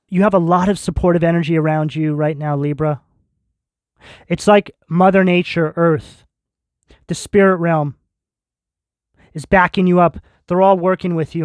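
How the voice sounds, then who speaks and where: Male tarot reader, earnest and reassuring spiritual delivery, higher-pitched voice. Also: no room sound, studio quality. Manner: earnest, reassuring direct address with spiritual terms. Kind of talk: tarot reading addressed to viewers.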